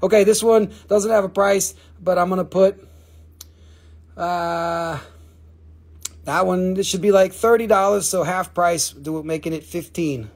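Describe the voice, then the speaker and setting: Guy hosting a live crystal sale, kinda high voice, swears a lot, super casual. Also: measured pace. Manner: chatty, swears casually, counts down sales. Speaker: host selling crystals on a live stream. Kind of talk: casual live sales stream.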